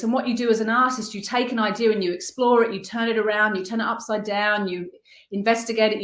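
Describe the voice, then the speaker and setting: A middle-aged woman from the United Kingdom, a guest artist telling her story in an interview, earnest and reflective, pausing as she searches for words. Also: medium pitch. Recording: echoey room.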